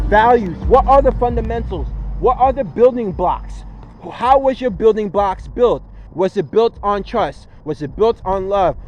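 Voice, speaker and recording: High-voiced young man rambling earnestly. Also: darkish tone, lo-fi sound, slight background noise. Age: 20s. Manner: earnest, repetitive, rambling with many fillers. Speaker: vlogger. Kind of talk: casual motivational monologue.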